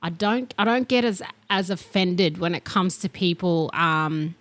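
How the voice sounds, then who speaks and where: A woman's voice: on the low side, measured pace. A young woman, co-hosting a podcast in casual chat and acting out the voices she quotes. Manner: animated, laughing, acts out quoted voices. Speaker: podcast co-host.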